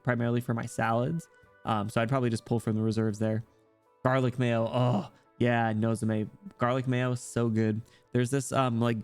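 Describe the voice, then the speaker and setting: A man chatting loosely with his stream viewers, jumping from one thought to the next and cracking jokes at his own expense. His voice sits at an ordinary middle pitch, and some music plays faintly behind him. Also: clear, resonant tone. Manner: rambling, self-deprecating, joking. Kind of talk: casual chat with viewers.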